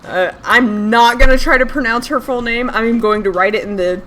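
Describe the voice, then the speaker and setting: A woman with a fairly high voice narrates as game master, pausing and restarting mid-sentence and laughing often. Faint hiss sits under the recording. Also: a bit bright.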